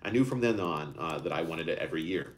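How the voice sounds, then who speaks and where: A man reading aloud voices a shy, quietly grieving young man, speaking gently and with hesitation. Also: a bass voice, lively intonation, fast talker.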